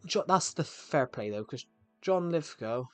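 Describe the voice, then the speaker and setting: A man's voice: a little high, expressive, unhurried, soft background music. A man streaming a game live, chatting to viewers in a rambling way and often cutting himself off mid-sentence. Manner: rambling, chatty, self-interrupting. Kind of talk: casual live-stream chat.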